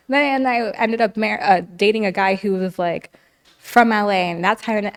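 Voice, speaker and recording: A woman guest on a podcast, telling her story candidly and at length, often saying "like" and acting out what people said. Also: medium pitch. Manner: talkative, heavy use of "like", acts out quoted dialogue.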